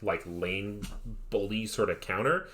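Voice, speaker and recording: Laid-back low-voiced male esports caster. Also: measured pace, a bit bright. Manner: laid-back, rambling, joking asides. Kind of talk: casual live-stream commentary.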